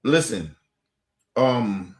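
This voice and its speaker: A man's voice: medium pitch, drawn-out words, echoey room. A man giving heated, profane commentary as a streaming host, repeating points with rising exasperation. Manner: profane, animated, repetitive.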